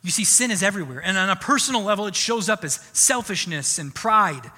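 Male pastor preaching, bright forceful voice, animated and conversational, reverberant sanctuary. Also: sits high, fairly quick, husky. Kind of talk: sermon. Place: church sanctuary. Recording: long church hall reverb.

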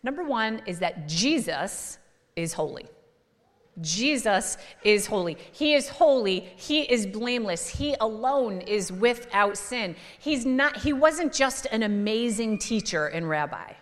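A woman's voice: fairly high pitch, expressive, unhurried, long reverb tail. A woman pastor giving a sermon in a church, talking in a conversational way with fillers and restarts.

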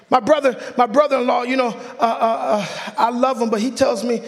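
A man preaching a sermon in a church, fervent and joking with the congregation, often breaking into excited yelling. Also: extremely high pitch, normal speed, vocal fry. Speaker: pastor. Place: church sanctuary. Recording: long church hall reverb.

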